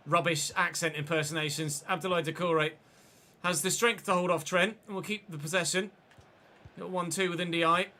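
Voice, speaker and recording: A man's voice: on the high side, pushed and bright. A man streaming a football video game, swearing and chatting with his viewers as he plays. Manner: sweary, chatty, answering chat mid-game. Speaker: gaming streamer. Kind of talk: livestream gameplay commentary.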